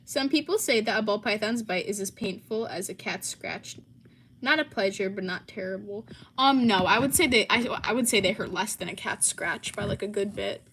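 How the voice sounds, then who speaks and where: A woman's voice: mid-range voice, normal speed, a bit bright, slight background noise. A young American woman hosting a casual livestream and answering chat, with lots of ums and likes. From United States. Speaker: livestream host.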